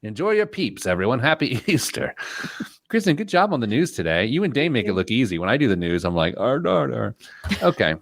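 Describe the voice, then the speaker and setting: A man's voice: medium pitch, very animated, fast talker. A man hosting a radio show, chatting casually with a co-host and joking at his own expense. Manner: joking, self-deprecating banter. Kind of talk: casual chat. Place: radio studio.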